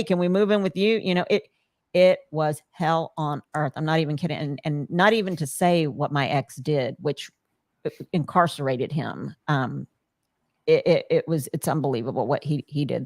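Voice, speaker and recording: A low-voiced middle-aged woman tells a raw personal story on her podcast, earnest and animated as she acts out what she and others said. The sound is close and dry. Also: dry recording. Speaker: podcast host.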